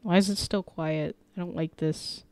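A woman hosting a gaming video, giving loud, jumpy commentary as she plays, swearing and laughing at the scares. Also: on the low side, fairly even intonation, normal speed, slight background noise. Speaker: gaming channel host. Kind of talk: reactive let's-play commentary.

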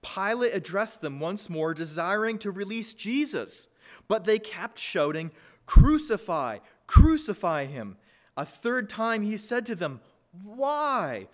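A man preaching a sermon as pastor, reading scripture aloud with an expressive, emphatic delivery. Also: high voice, measured pace. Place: church.

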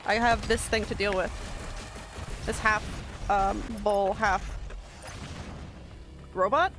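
A woman streamer giving live gameplay commentary, excitable, yelping and talking to herself as she plays. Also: medium pitch, slow. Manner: excitable, yelps and talks to herself while playing. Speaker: game streamer. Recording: steady background noise.

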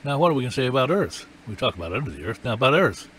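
A man delivering a sermon in a mid-pitched voice, hammering his points home through repetition. His voice climbs for emphasis and drops low for weight. A faint hiss of background noise sits under the recording. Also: sing-song, rapid-fire, a bit bright. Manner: emphatic, repetitive, rising and falling with emotion. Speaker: preacher.

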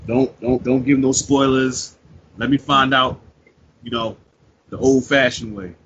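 A man with a husky voice on a podcast panel, excitable and quick to repeat himself. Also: mid-range voice, highs cut off. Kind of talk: casual podcast chat.

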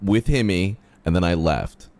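A man chatting casually with friends over a game, excitable and swearing, sometimes shouting. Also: low-pitched, a little slow, no room sound. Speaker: streamer playing a social deduction game. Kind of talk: casual gaming chat with friends.

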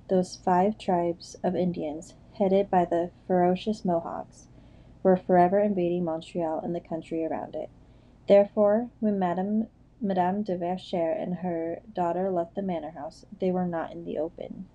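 A woman narrating an audiobook in a measured storytelling manner. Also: on the low side, warm tone, poor audio. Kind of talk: scripted narration.

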